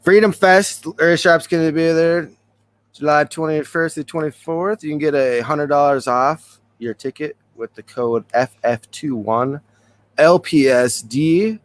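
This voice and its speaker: A man's voice: a little high, unhurried. A man hosting a casual podcast, talking loosely and rambling with frequent chuckles. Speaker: podcast host.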